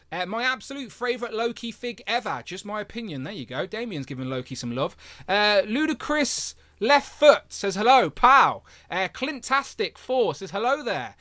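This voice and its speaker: A man's voice: high voice, fairly bright tone, dry recording, clean studio sound. A young English man hosting a casual livestream, chatty and upbeat, reading out viewer comments. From England. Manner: upbeat, chatty, laughs often. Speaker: livestream host. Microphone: headphones with mic.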